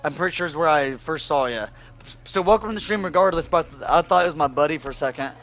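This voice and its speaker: Hoarse man chatting on a game stream. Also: a little high, fast talker, a bit bright. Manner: loose rambling storytelling, laughs often, swears freely. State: losing his voice, hoarse. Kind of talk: casual livestream chat while gaming.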